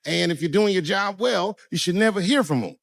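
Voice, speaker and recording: A stand-up comedian telling profane stories on stage, his voice leaping from low mutters to high, loud bursts. The sound is dry and close, and his voice sits a bit high for a man. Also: brisk, gravelly, no room sound, low-quality recording. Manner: profane storytelling with wide swings in pitch and loudness.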